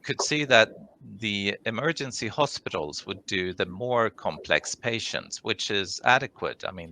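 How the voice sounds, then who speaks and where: A man answering conference questions over a video call, measured and hesitant, with many ums and restarts. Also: sits low, bright, forceful tone, a little hiss or hum. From Sweden. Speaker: conference speaker, orthopedic clinical leader. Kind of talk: live Q&A answers.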